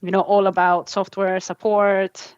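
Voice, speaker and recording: A woman's voice: medium pitch, flat delivery, unhurried, a little mellow, clean tone, no echo, highs cut off. A woman around forty from Greece with a Greek accent, a guest telling her story in casual chat with many ums.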